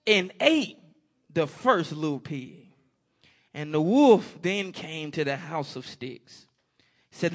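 A preacher delivers a folksy sermon with a high, bright voice. He talks at an unhurried pace but his pitch leaps up and down. He keeps breaking off to call out amen to the congregation. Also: sing-song.

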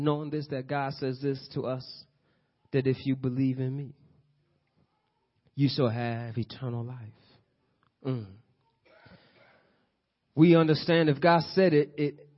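A man preaching a sermon, building to loud bursts and asking the congregation questions. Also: on the high side, dull audio. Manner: preaching with rising bursts and call-and-response questions. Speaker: pastor.

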